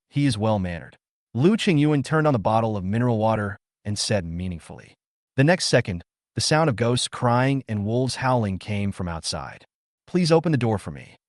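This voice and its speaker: A man with a fairly low voice narrates a comic story, his pitch rising and falling a lot as he goes. The sound is dry and close. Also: no echo.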